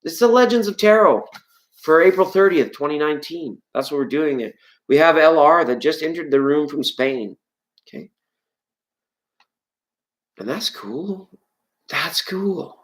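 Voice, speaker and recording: Live tarot host, loose and playful, jokes while greeting chat, voice leaps high when worked up. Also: animated, a little slow, long pauses, rough recording. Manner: rambling, playful and jokey; greets and answers viewers from chat. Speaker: tarot reader hosting a live stream. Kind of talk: live-stream chat with viewers.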